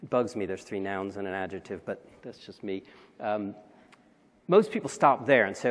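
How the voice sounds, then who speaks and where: A man's voice: lowish voice, normal speed. A man giving a conversational conference talk with wry asides, recorded in a large hall. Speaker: conference speaker.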